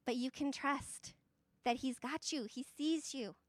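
A woman's voice: high-pitched, a little slow, no echo. A woman giving a casual Bible lesson, chatty and conversational, with fillers, tag questions and light laughs. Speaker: Bible teacher.

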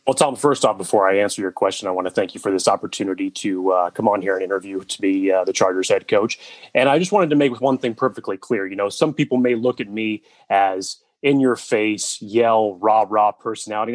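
A man's voice: on the low side, brisk, dry recording, natural voice. A man playing an earnest male football coach candidate in a comedic mock job interview.

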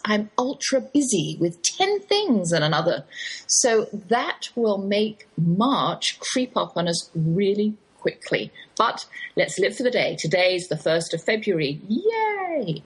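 An older woman with an English accent, hosting a radio show in a chatty, playful scripted monologue. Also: breathy edge. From England. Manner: chatty, playful, lively pitch swings.

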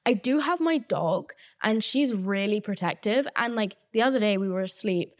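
A woman, hosting a casual solo podcast from her flat, talking fast and loosely with lots of filler and swearing. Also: mid-range voice. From England. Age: 20s. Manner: chatty and animated, swears freely, many "like" fillers. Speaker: podcast host. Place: her new flat, indoors.

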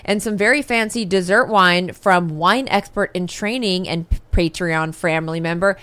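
A woman's voice: fairly low pitch, moderate pace, a bit bright, dry recording. A woman co-hosting a podcast in casual chat, candid and rambling, swearing freely. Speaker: podcast co-host.

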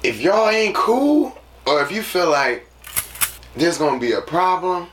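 A man's voice: fairly high pitch, sing-song, unhurried, a bit bright. A man hosting a casual solo podcast, rambling and preachy, often tagging lines with "you know what I'm saying.". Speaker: podcast host. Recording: roomy, distant mic with noise.

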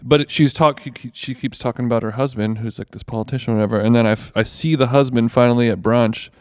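A man's voice: medium pitch, fairly even intonation, quick pace, no room sound, clean studio sound. A man co-hosting a podcast, telling a rambling, profane anecdote in casual chat. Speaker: podcast co-host. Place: basement of a villa.

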